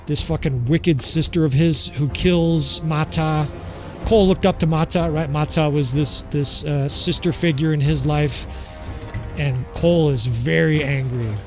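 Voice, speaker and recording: A man with a slightly raised voice gives casual, unscripted gameplay commentary, candid and peppered with swearing. He talks straight to his viewers while faint game music plays underneath. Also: fairly high pitch. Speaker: gaming channel host.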